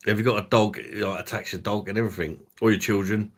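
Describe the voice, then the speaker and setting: A man's voice: on the low side, fairly even intonation, fast talker, slightly rough. A man hosting a casual livestream chat, rambling and swearing freely with the odd chuckle. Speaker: host.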